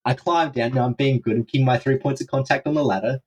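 A young man guest on a podcast, telling an adventure story in an animated, profane way and acting out his own panicked reactions. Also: mid-range voice, quick pace, slight background noise. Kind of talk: storytelling in a casual interview.

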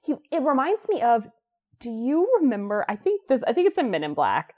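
A woman co-hosting a casual chat about a sitcom. She laughs often and jumps up high when she quotes. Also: huge pitch swings, brisk. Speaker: podcast co-host. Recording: dull lo-fi recording.

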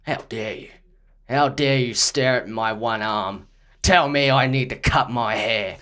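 A man's voice: medium pitch, unhurried, a bit bright, voice pushed down, lightly acted. A man improvising as a touchy one-armed male actor at an audition, defensive and indignant. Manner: indignant, defensive about his hair. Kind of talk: improvised comedy sketch.

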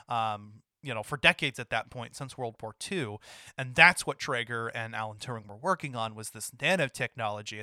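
A man's voice: mid-range voice, sharp tone, no room sound, clean studio sound. A man in casual conversation about a video game, talking in loose rambling runs with frequent restarts and laughter. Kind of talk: casual gaming chat.

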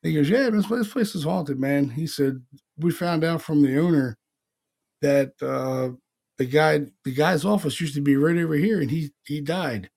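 A man co-hosting a podcast, telling stories in casual chat, animated, with slang and swearing. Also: fairly high pitch, a little slow, gravelly. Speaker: podcast co-host.

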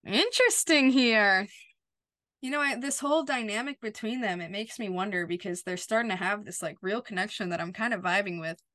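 A woman's voice: medium pitch, fast, hardly any pauses, fairly bright tone, dry recording, studio quality. A young adult woman co-hosting a podcast, casually recapping a TV episode by quoting the characters' lines. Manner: retells scenes by quoting dialogue, "and he's like". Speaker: podcast co-host.

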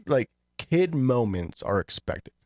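A man's voice: mid-range voice, sing-song, slow, a little mellow, no room sound, clean studio sound. A man co-hosting a podcast in loose, rambling casual chat, swearing freely. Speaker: podcast co-host.

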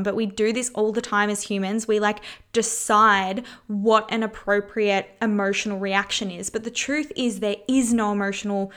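A woman's voice: medium pitch, a bit bright, clear, resonant tone. A woman hosting her own podcast, talking casually and frankly with lots of "you know" and "like" and free swearing. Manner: frank and candid, swears freely; chatty, many fillers like "you know" and "like". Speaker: podcast host. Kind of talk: casual solo podcast talk.

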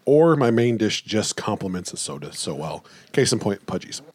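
A man's voice: lowish voice, big pitch swings, normal speed, darkish tone, slight background noise. A man co-hosting a casual food review podcast, telling rambling jokey stories. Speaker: podcast co-host.

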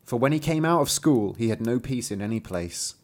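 A man hosts a podcast and reads a fairy tale aloud at a mid-range pitch. He delivers it with a dry, wry storyteller's touch and slips in asides. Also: expressive, fairly quick. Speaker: podcast host.

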